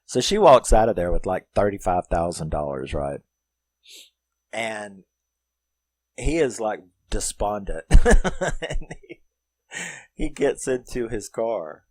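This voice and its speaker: A man's voice: fairly low pitch, animated, slow, pauses often, darkish tone, no room sound. A man giving a casual spoken film recap, rambling and profane, full of filler words. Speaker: film reviewer.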